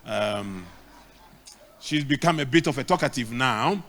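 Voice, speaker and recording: A man's voice: medium pitch, animated, unhurried, a bit bright. A middle-aged man with a Ghanaian English accent preaching a sermon, emphatic and repeating key lines. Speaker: pastor.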